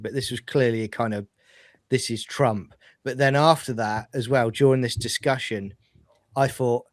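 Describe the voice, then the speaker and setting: Animated ranting British man, dry mic. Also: mid-range voice, no echo. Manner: animated, exasperated ranting with mock voices. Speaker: podcast co-host. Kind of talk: casual chat.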